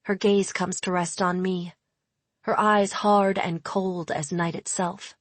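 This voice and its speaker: Slow, husky female audiobook narrator. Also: fairly low pitch, level tone, no room sound. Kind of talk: first-person fantasy audiobook narration.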